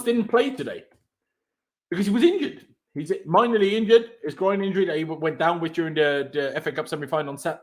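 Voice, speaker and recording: A man hosting a football fan show, ranting in exasperation, stumbling over his words and swearing. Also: on the high side. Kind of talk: angry post-match reaction rant.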